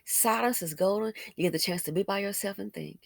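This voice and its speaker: A woman's voice: mid-range voice, fairly quick, gravelly, no room sound, studio quality. A woman giving opinionated commentary, blunt and colloquial, who repeats phrases for emphasis and fires off rhetorical questions.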